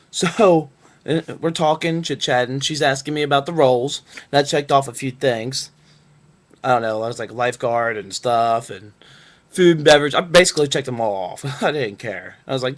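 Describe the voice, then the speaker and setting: A man's voice: medium pitch, moderate pace. A young man from Northern Kentucky telling a story to his webcam in a rambling, laid-back way, full of fillers. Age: young adult. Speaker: vlogger. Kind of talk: casual storytelling.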